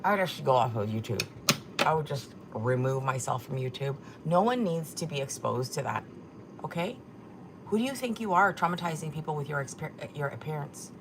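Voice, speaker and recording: A woman's voice: deep voice, animated, a little fast, background noise. A woman hosting a casual livestream, reading chat comments aloud and mocking them with plenty of swearing. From Korea. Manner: sassy, mocking, swears a lot. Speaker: livestream host.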